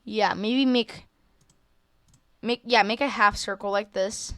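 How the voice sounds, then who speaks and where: A woman walking through a software drawing tutorial in a casual, hesitant way, with many fillers and self-corrections. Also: mid-range voice, fairly even intonation, slow pace, no room sound, studio quality. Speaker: tutorial creator. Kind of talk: screen-recorded software tutorial.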